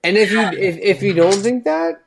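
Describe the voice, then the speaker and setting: Man, tired, blunt, swears a lot, slightly higher voice, laid-back chat. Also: normal speed, a crowd in the background. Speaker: podcast guest. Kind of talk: casual late-night chat.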